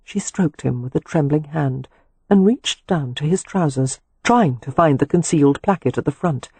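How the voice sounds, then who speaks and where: A man narrating a romance audiobook in a slow, sensual, measured reading. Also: fairly high pitch, a little mellow, husky, dry recording. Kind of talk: scripted narration.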